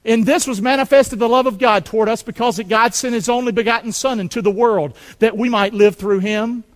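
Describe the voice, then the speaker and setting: Loud, lively Southern preacher from North Carolina. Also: male voice, high voice, big-room sound. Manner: loud, fervent call-and-response preaching. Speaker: pastor. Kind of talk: sermon. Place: church building.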